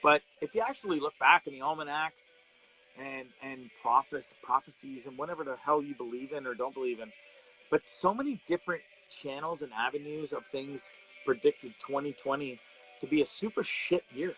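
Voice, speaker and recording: A man's voice: medium pitch, moderate pace, a bit bright, faint music behind, rough recording. A middle-aged man hosting a live online show, talking casually and ranting with profanity, rambling with fillers and restarts, and reading viewer comments aloud.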